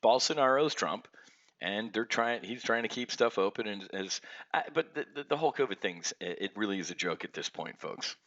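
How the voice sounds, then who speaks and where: A man's voice: lowish voice, expressive, normal speed, fairly bright tone, muffled recording. A man hosting a trading show, ranting angrily with many restarts and stammers, from his home office. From United States. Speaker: options trading show host. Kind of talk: ranting market commentary.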